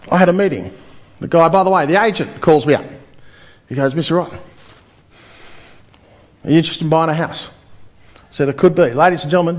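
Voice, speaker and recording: A man delivers a seminar pitch with lots of energy. His voice sits high for a man, and he keeps throwing questions at the crowd. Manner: animated, addresses the crowd with rhetorical questions. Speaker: seminar speaker. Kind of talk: property seminar pitch to a live audience.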